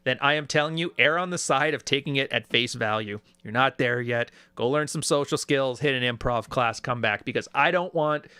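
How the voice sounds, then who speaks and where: A man's voice: mid-range voice, normal speed, few pauses, clear, resonant tone, no room sound. A man giving casual, sarcastic reaction commentary on video clips, often putting on mocking voices. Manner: animated, sarcastic, does mocking quoted voices. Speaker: YouTube commentator.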